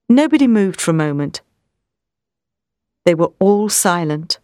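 A woman reading a storybook aloud as narrator, in a clear, expressive way. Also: on the low side, a little slow, pauses often, no echo, clean studio sound.

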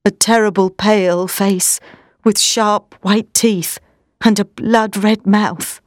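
Woman voicing a young gentleman on edge, urgent, dry close sound. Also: medium pitch, steady tone, slow, no room sound, close to an everyday voice. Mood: tense. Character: frightened young nobleman.

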